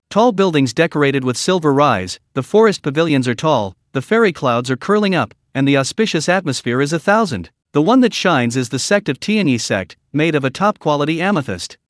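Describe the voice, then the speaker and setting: Lively, choppy male story narrator. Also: a little high, no room sound, clean studio sound. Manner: choppy short phrases.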